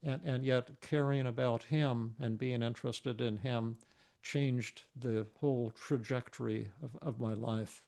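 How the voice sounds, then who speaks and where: A man's voice: mid-range voice, unhurried, creaky. A man telling a personal story in a webinar, often stammering and repeating his words as he goes. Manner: animated storyteller. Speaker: psychiatrist presenter.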